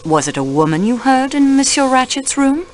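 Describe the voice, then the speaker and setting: A woman voicing a polite, formal male detective with a French accent in a radio play, asking calm, measured questions. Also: high-pitched, a little hiss or hum.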